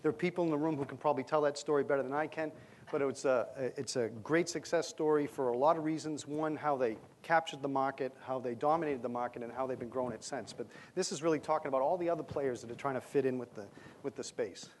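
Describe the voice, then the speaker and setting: A man's voice: medium pitch, quick pace, slight background noise. Chatty man presenting on stage. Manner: conversational, many fillers and restarts, light humor. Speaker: conference presenter. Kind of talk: conference presentation. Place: stage under bright lights.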